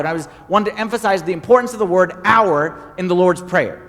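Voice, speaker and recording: High-voiced male pastor in echoing hall. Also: fairly quick. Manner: animated storytelling, emphatic repetition. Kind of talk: sermon.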